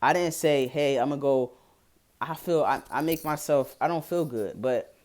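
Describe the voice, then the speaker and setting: A young Philadelphia vlogger with a Philadelphia accent gives frank, blunt advice to his viewers in a casual vlog, swearing freely. His voice is on the high side, expressive and darkish in tone, at a normal speed.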